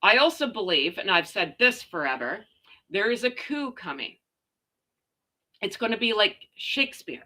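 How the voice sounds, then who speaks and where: Woman host, casual sarcastic rant, bright forceful tone, gossip stream. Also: medium pitch, moderate pace. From Canada. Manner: sarcastic, ranting, animated. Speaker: royal gossip livestream host. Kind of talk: casual chat reading viewer comments.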